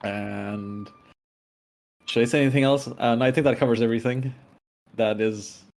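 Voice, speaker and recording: A man's voice: medium pitch, steady tone, normal speed, a little mellow. A man from Bangladesh giving a brief, reluctant introduction on a tabletop game podcast. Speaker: player. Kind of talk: casual podcast chat.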